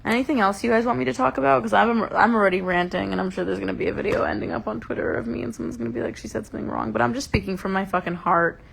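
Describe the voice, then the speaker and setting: A woman's voice: mid-range voice, racing, gravelly, few pauses, fairly bright tone, husky. A young woman hosting a casual livestream from home, passionately ranting and swearing, openly upset. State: upset and enraged. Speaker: livestream host. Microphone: phone.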